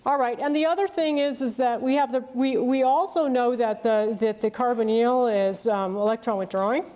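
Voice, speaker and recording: A woman with a fairly high voice delivers a university lecture. She explains patiently, pausing on fillers and checking that students follow along. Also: fairly even intonation, mellow. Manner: explanatory, checks in with "okay?" and "right?". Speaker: chemistry lecturer.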